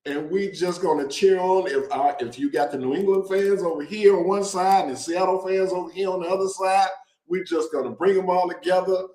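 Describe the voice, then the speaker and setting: A man hosting a casual show, talking to viewers in an animated, joking way and drawing out words for emphasis. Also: sits high, brisk, echoey room, low-quality recording. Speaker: host. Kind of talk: casual direct-to-camera promo talk.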